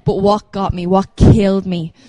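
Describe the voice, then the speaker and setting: A woman's voice: medium pitch, flat delivery, normal speed, mellow, slight background noise, low-quality recording. A woman, a podcast co-host, talking casually and earnestly. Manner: earnest, emotional retelling. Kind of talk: casual chat.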